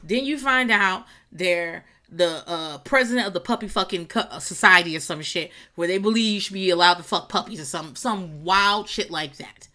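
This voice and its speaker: Bright-voiced rambling, profane woman podcaster. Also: moderate pace, few pauses. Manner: rambling, profane, laughs often, jumps to squealing high voices for quotes. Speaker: podcast host. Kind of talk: casual solo podcast rant. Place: garage.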